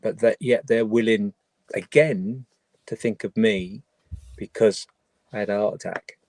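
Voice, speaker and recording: Guy hosting a charity stream, lowish voice, dry close sound, earnest and rambly. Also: fairly even intonation, measured pace, a little mellow, no room sound. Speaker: charity livestream host. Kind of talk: casual livestream chat.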